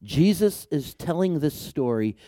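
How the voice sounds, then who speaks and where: A man preaching a sermon as pastor, animated, joking with the congregation and dropping to a hushed, soft voice for emphasis. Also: fairly high pitch, a little slow, dry recording, studio quality. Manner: playful asides and jokes to the congregation.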